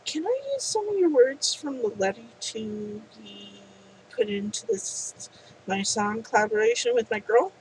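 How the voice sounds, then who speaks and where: A woman's voice: fairly high pitch, very animated, unhurried, darkish tone, slight background noise, pitched below the performer's own voice, low-quality recording. A woman voicing a polite young man asking to use someone's words in a song. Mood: hesitant.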